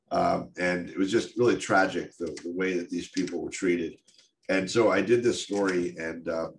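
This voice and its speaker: A middle-aged American man, a photographer telling stories from his career in a candid, self-deprecating way with many fillers. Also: low voice. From United States. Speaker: photographer giving a talk. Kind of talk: storytelling talk. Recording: echoey room with faint noise.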